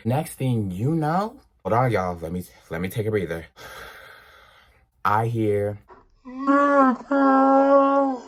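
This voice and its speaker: A young man telling a personal story in a casual storytime vlog, animated and acting out the people in it. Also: on the low side. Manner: animated, acts out voices, drawn-out exclamations. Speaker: vlogger.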